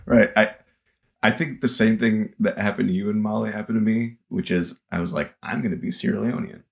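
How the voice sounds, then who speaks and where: A man's voice: on the low side, steady tone, moderate pace, gravelly. A young man chatting casually about life abroad as the host, laughing often and swearing now and then. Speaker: field director, podcast host. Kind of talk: casual chat.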